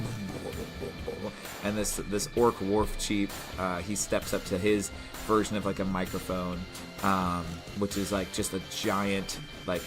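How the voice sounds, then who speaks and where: A man co-hosting a tabletop gaming podcast, pitching a scenario in a rambling, casual way with lots of fillers. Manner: rambling, many fillers and restarts. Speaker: podcast co-host, game master. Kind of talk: casual chat.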